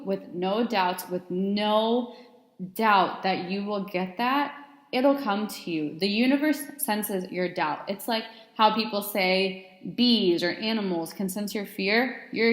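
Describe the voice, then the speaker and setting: A woman in her twenties hosting a self-help podcast, talking in an earnest, chatty way full of "like" fillers. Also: medium pitch. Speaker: podcast host. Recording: echoey room with long reverb.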